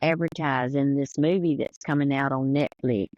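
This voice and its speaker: A woman's voice: extremely low pitch, fairly even intonation, moderate pace, darkish tone, no room sound, highs cut off. A woman with a Southern US accent and a drawl, chatting casually as a podcast co-host and telling stories. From American South. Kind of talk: casual chat.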